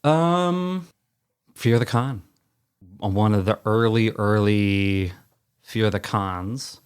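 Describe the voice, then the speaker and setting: Man, podcast guest, rambling, halting, self-deprecating, studio chat. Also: on the low side, clear, resonant tone.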